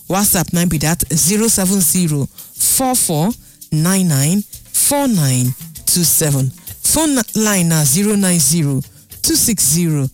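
A radio host with a Nigerian accent on a call-in show, animated and fond of repeating numbers and phrases. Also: medium pitch. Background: faint music.

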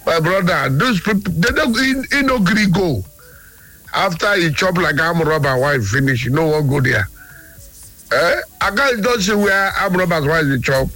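A man's voice: a little high, animated, moderate pace, sharp tone, soft background music. A man with a Nigerian Pidgin accent calling into a radio show with an indignant complaint. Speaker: radio caller. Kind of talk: phone-in call to a talk radio show.

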